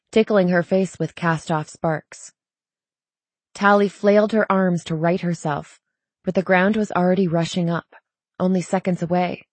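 A woman reading a novel aloud as an audiobook narrator, with steady, even storytelling. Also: lowish voice, dry recording. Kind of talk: scripted narration.

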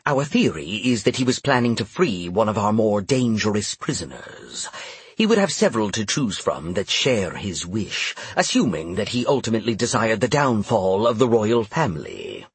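A man voicing a guarded male duke who explains matters in a measured, matter-of-fact way. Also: lowish voice, very animated, breathy edge, dry recording, full character voice.

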